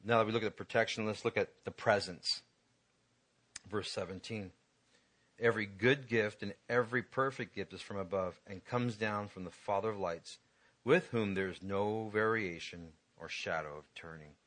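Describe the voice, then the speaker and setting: A man's voice: lowish voice, moderate pace, a bit bright. A man pastor preaching a conversational sermon to his congregation, building to emphatic peaks.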